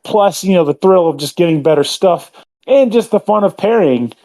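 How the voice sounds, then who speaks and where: A man's voice: high voice, lively intonation, moderate pace, mellow. A man giving an earnest game review and chatting casually on a podcast.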